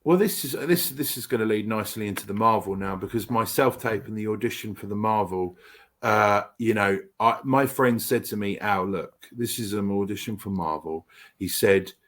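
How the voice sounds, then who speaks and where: A man, an actor guest, telling stories in a rambling, animated way with many restarts. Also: on the low side, normal speed. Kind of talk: casual interview chat.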